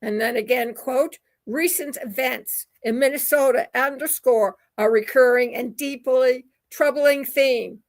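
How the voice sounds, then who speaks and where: A woman's voice: sits high, fairly even intonation, measured pace, few pauses. A woman hosting a talk radio show, reading news quotes with sarcastic asides. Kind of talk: opinion commentary reading quotes.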